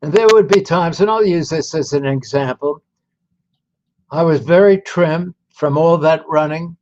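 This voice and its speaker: An elderly man in his nineties tells an old life story to a gathered audience, taking his time with every phrase. His voice sits a little high for a man, and the recording has a dull, muffled lo-fi sound. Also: darkish tone. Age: 90s. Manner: slow, deliberate, folksy storytelling. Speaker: veteran storyteller.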